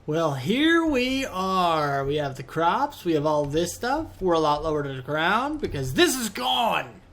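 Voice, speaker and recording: Man, high voice, casual gameplay commentary, chatty, easily exasperated, rambling. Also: big pitch swings, measured pace, fairly bright tone. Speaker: let's play host.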